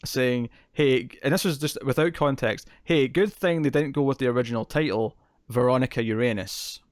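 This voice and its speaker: Podcast co-host, male, mid pitch, dry close sound, rambling and giggly. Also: moderate pace, dry recording. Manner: rambling, laughs often. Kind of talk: casual chat.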